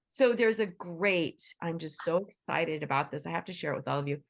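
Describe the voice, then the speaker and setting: Chatty, enthusiastic woman with a gravelly edge. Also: lowish voice, brisk, hardly any pauses. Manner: enthusiastic, chatty, frequent restarts and "right?"; acts out quoted voices in bursts. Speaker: workshop host. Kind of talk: casual talk to an online group.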